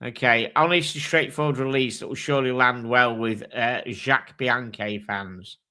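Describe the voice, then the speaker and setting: A man's voice: mid-range voice, fairly even intonation, moderate pace, sharp tone. A man hosting a casual livestream chat, thinking aloud, swearing casually and reading out product details. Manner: reads out watch specs and prices. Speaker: host.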